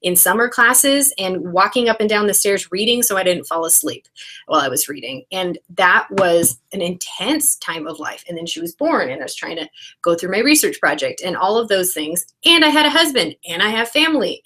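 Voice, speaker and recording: A woman's voice: medium pitch, expressive, fairly quick, pushed and bright. A woman in her thirties co-hosts a teaching podcast in a mid-range voice. She speaks emphatically and laughs often as she makes her points. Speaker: co-host, educator. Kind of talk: conversational educational podcast.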